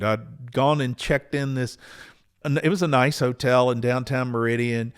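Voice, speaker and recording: Man, 60s, podcast host, unhurried earnest storyteller, mid-pitched voice. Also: steady tone, smooth. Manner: earnest, unhurried, with small restarts. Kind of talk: reflective personal storytelling.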